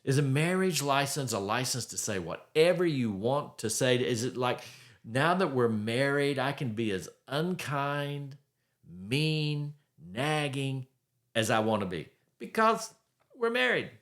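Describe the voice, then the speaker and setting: A man delivers a faith-based marriage advice monologue at a deliberate, unhurried pace. His voice sits in an ordinary middle register. He leans hard on key words and lets the odd wry chuckle slip in. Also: medium pitch, lively intonation, fairly bright tone. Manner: emphatic, conversational, with wry chuckles. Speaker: podcast host.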